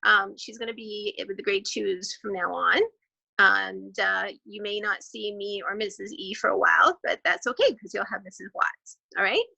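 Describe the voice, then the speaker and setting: A woman teaching a grade two class in an online lesson, clapping out syllables slowly and clearly. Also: medium pitch, sharp tone, rough recording.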